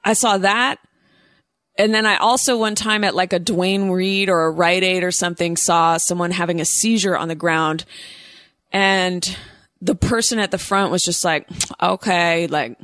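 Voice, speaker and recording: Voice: mid-range voice, steady tone, moderate pace, fairly bright tone, no echo, clean studio sound. Wry, rambling casual storyteller. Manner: rambling, wry, heavy use of "like".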